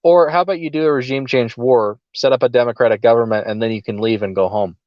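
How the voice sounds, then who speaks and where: A man's voice: mid-range voice, fast talker, no echo, highs cut off. A man co-hosting a political podcast, talking casually with a sarcastic, mocking edge and frequent laughs. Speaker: podcast co-host.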